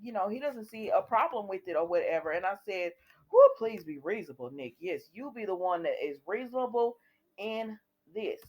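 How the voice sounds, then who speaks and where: A woman's voice: mid-range voice, expressive, moderate pace. A woman recapping a soap opera episode for her viewers in a chatty way, retelling the scenes and quoting what the characters say. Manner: talks directly to viewers.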